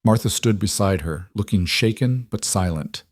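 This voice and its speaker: A man giving scripted, measured narration of a story. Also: lowish voice, expressive, no room sound, studio quality.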